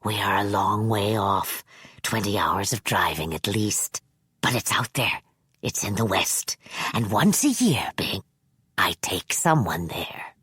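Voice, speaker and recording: A woman voicing a sinister old man who lures children, speaking slowly in a low hushed half-whisper in an audiobook reading. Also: animated, husky, no echo, heavily acted. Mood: coaxing. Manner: slow, solemn, coaxing. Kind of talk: audiobook character voice.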